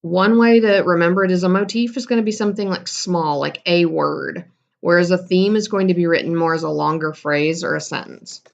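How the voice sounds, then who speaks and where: A woman's voice: fairly low pitch, brisk, vocal fry, highs cut off. A woman teacher giving a casual recorded lesson, explaining terms and correcting herself as she goes.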